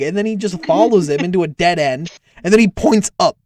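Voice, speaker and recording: A man's voice: sits high, a little fast, a little mellow, dry recording. A young man running a tabletop game as game master, narrating in a casual, filler-heavy way with cursing.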